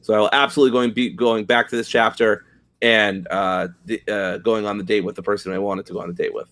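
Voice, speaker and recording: A young man with a lowish voice chats on a casual gaming podcast. He talks loosely and enthusiastically, dropping casual swears as he gushes. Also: steady tone, fairly quick, a bit bright. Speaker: podcast co-host.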